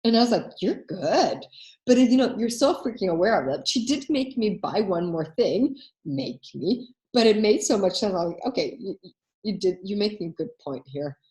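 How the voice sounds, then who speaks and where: A woman hosting a coaching workshop, telling anecdotes in a casual, animated way and acting out the voices she quotes. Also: medium pitch, normal speed, roomy sound.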